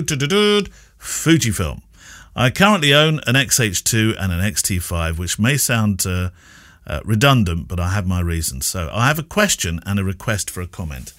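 A man's voice: medium pitch, a bit bright, no room sound, clean studio sound. A man hosting a podcast, joking with his co-host and reading listener mail aloud. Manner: teasing, laughs often.

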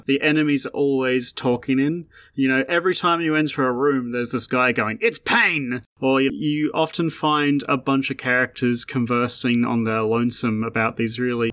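A man's voice: mid-range voice, dry recording. Guy on a game podcast, laid back, lots of ums, dry close sound. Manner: relaxed, hesitant with fillers. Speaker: podcast co-host reviewing games. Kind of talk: casual chat.

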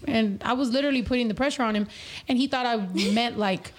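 A woman's voice: on the high side, fast talker. A young woman co-hosting a podcast, chatting casually, laughing often and swearing while she tells stories. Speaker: podcast co-host. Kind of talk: casual chat.

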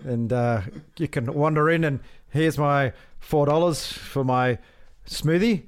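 A thoughtful podcast co-host who muses aloud and cracks light jokes. His voice sits a little higher than most men's. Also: takes it slowly, clean tone. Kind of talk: casual chat.

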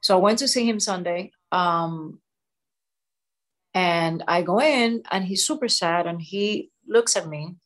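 A woman in her forties, a show co-host, telling a personal story with halting restarts and repeated words. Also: fairly low pitch. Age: 40s.

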